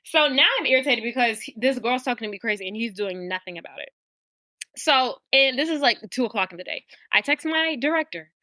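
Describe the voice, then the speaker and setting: A woman's voice: on the high side, animated, a little fast, pushed and bright, dry recording. A young woman co-hosting a podcast, telling a work story in casual chat and swearing freely. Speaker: podcast co-host.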